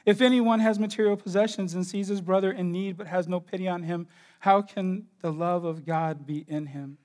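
A man's voice: steady tone, normal speed. A man preaching a sermon, telling a story and rising into impassioned emphasis. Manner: storytelling, drops to a hushed low voice for emotional moments. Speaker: pastor.

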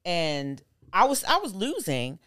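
A woman guest on a podcast, talking casually about her own experiences and acting out what others said to her with big jumps in pitch. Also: measured pace. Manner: animated, acts out quotes with big pitch jumps. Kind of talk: casual storytelling interview.

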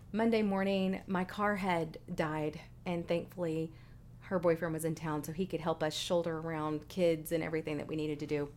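A middle-aged woman telling a personal story, acting out her own past lines with big jumps in pitch. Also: a little mellow, slight background noise. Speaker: vlogger sharing a personal story.

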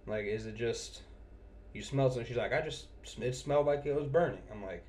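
A man's voice: medium pitch, a little mellow. Swearing, exasperated man telling a work story. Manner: profane, exasperated, quick to laugh. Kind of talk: casual anecdote chat.

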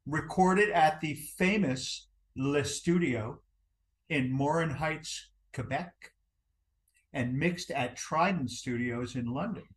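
A man with a New Jersey accent co-hosting a music podcast, calmly reciting album facts in a casual chat with halting fillers. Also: a little high. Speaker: podcast co-host.

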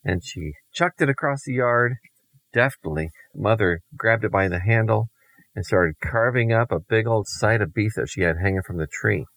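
Low-voiced dad type, playful deadpan storyteller, good for improvised bedtime tales. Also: male voice, normal speed, creaky, low-quality recording.

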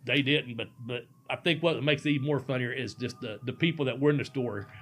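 A man's voice: mid-range voice, a little fast, a bit bright, a little hiss or hum. A middle-aged man, a former pro wrestler, telling a rambling, profane story and laughing often. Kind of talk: casual storytelling.

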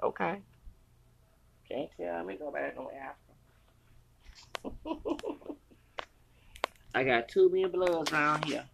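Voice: mid-range voice, slow pace, vocal fry, long pauses, noisy background. An American podcast host in their forties, ranting in a profane, confrontational, repetitive way. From United States. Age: 40s.

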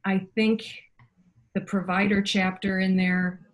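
This middle-aged podcast guest takes her time, her voice medium in pitch. She recounts personal stories in a relaxed, animated manner, imitating the voices she quotes.

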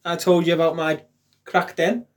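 A man co-hosting a podcast, telling a long sweary story in a deadpan way before revealing the joke. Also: fairly high pitch, moderate pace. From England. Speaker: podcast co-host. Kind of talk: casual chat, storytelling.

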